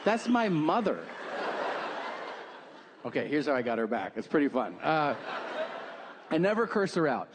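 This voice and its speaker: A man's voice: a little high, big pitch swings, moderate pace, pauses often, crowd noise. A man performing a stand-up comedy set on stage, telling profane stories about his family with mocking impressions. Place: comedy stage before a live audience. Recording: live show with audience noise.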